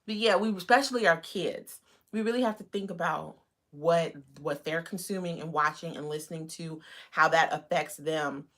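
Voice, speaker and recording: A woman hosting a live stream, chatting casually and rambling with lots of fillers. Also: normal speed. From United States. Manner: greets viewers in a bright high voice. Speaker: livestream host.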